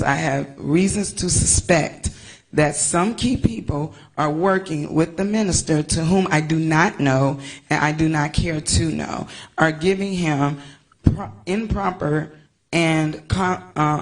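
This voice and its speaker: Woman, from the United States, press conference statement, tearful, halting, creaky. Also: low-pitched, low-quality recording. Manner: tearful, halting, stumbles over words. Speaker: investor speaking at a press conference. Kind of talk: emotional prepared statement.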